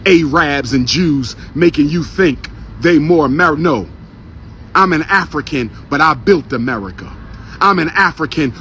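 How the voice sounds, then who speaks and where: High-voiced man preaching on the street. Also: pushed and bright, a little hiss or hum. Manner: repeats lines for emphasis, preacher-like cadence. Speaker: street speaker. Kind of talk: fiery outdoor speech to a crowd. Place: outdoors on a city street by a historical marker.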